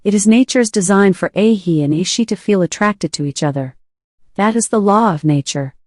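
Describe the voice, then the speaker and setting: A woman voicing a possessive older sister who pleads and insists, read in her own lowish voice. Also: moderate pace, dry recording, clean studio sound, lightly acted. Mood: pleading. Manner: insistent, coaxing.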